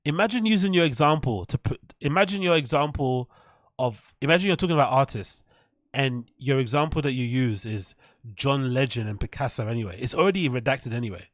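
In studio-quality audio with no echo, a man hosts a reaction video and comments as he goes. His medium-pitched voice is expressive and a little fast, and he laughs often and gleefully repeats mispronounced names.

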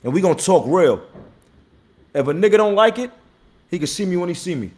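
A man in his thirties, a battle rapper hosting his own live stream. He talks blunt and profane, repeats himself and gives shout-outs to viewers, and says he is tired. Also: high-pitched, lively intonation, a little fast. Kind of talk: casual live-stream talk.

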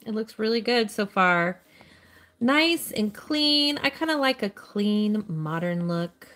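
A woman's voice: mid-range voice, animated, slow, a bit bright. A woman hosting a live stream, chatting casually and cheerfully while answering her viewers' questions as she plays a game. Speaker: live-stream host playing a mobile game.

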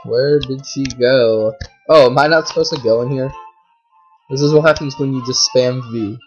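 A woman giving casual commentary while playing a game, chatty with lots of fillers, swinging from low mumbling to shrieking outbursts. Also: normal speed, a little mellow, dull audio, soft background music. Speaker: gameplay commentator. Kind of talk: casual let's play commentary.

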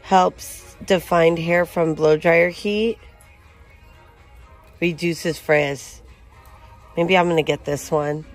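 A woman's voice: fairly low pitch, steady tone, takes it slowly, pauses often, soft background music. A woman narrating a casual shopping walkthrough, chatting as she reads out prices and product labels. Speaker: shopping vlogger. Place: inside a large retail store.

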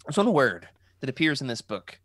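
Male podcast host, lively up-and-down delivery, jokey, dry close-mic sound. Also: mid-range voice, moderate pace, no echo. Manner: animated, joking, reads out chat comments. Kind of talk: casual livestream podcast chat.

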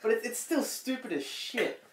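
A man co-hosting a podcast, excitable and swearing freely as he chats about a film. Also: very high voice, normal speed, roomy sound, distant mic, a little hiss or hum. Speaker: podcast co-host. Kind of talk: casual film review chat.

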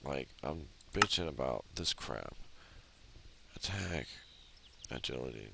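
Deep gravelly man ranting over gameplay. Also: lively intonation, takes it slowly. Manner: grumbling, exasperated ranting. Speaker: let's play host. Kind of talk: casual gameplay commentary. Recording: loud background noise.

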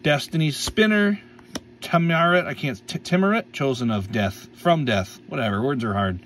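A man's voice: mid-range voice, lively intonation, normal speed, far from the mic. A man's voice, set a little back from the mic, chats playfully while he tears open card packs and reads out what he pulls. He stumbles over names and laughs them off. A faint hum of room noise sits behind him. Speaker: card-opening YouTuber. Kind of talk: casual pack-opening commentary.

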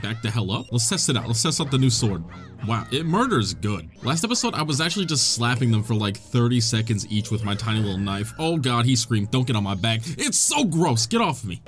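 Excitable young man doing game commentary. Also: mid-range voice. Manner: excitable, joking, swears casually. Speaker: gaming YouTuber. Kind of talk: let's play commentary.

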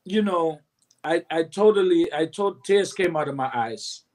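A man's voice: a little high, measured pace. A man in his fifties, a recording artist telling his story in an interview, acting out other people's lines as he goes. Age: 50s. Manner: animated storyteller who acts out quotes and hums beats.

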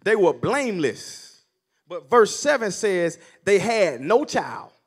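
A male minister preaching a sermon with call-and-response, building from calm teaching to near shouting. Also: high voice, slow, breathy edge.

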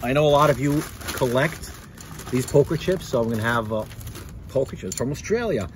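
Male vlogger, mid-pitched, chatty and rambling, garage setting, light background noise. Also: animated, fairly quick. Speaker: motorcycle vlogger. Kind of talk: casual vlog chat. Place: home garage.

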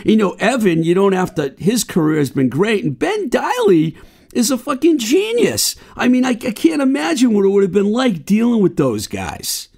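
A man's voice: high-pitched, sing-song, normal speed, vocal fry, darkish tone. A man hosting a podcast, chatting casually and admiringly with his guest. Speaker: podcast host.

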